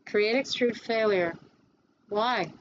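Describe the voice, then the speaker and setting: A woman instructor giving a classroom lecture on design software, chatty and quick to answer her own questions. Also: medium pitch, muffled recording, a little hiss or hum.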